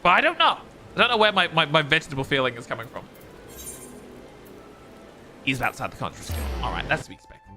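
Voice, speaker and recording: A man's voice: fairly high pitch, huge pitch swings, fast, pauses often, pushed and bright. An Australian man streaming a game, chatty and giggly, rambling as he plays. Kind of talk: casual gaming commentary. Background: game music.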